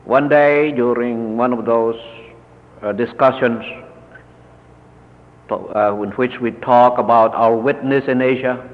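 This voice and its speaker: A man, a Lutheran church leader, slowly recounting a personal story in a measured talk full of pauses. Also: medium pitch, steady tone. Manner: slow, measured, with many pauses and fillers. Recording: dull, lo-fi recording with long reverb.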